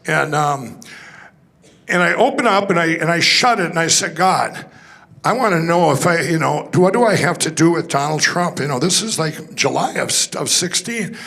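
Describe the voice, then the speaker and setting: Gravelly, forceful man telling a rambling testimony. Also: a little high, normal speed. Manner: rambling, excitable storytelling with restarts and laughs. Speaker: conference speaker. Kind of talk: personal testimony talk. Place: conference hall stage.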